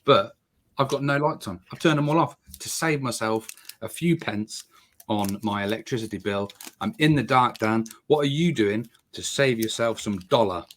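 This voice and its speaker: A man co-hosting a casual podcast from a dark home studio, teasing his co-host in a playful way. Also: normal speed, a little hiss or hum. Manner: teasing, playful, jumps up in pitch for jokes. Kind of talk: casual chat.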